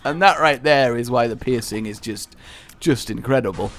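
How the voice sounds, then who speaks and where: A young man commentating his own gameplay in a jokey, excitable way, breaking into loud, high exclamations. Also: normal speed, slight background noise. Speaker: gaming video host. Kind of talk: let's play commentary.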